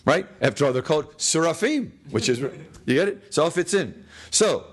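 Male teacher, slightly raised pitch, quizzing a class, wry asides, classroom lecture. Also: expressive, moderate pace. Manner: questioning, answers his own questions; jokey, chuckles at his own lines. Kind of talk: classroom text study lecture. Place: classroom with students.

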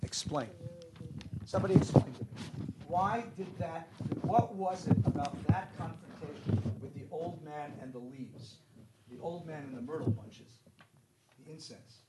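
A man teaching a Jewish text class to a live audience, animated, asking the room questions and mixing in Hebrew and Yiddish words. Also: a little high, a little slow, heavy background noise.

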